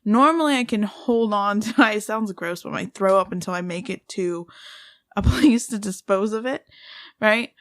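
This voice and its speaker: A woman's voice: medium pitch, moderate pace, fairly bright tone, no room sound, studio quality. Chatty woman, giggly podcast co-host. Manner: chatty, giggly, self-interrupting. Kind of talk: casual chat.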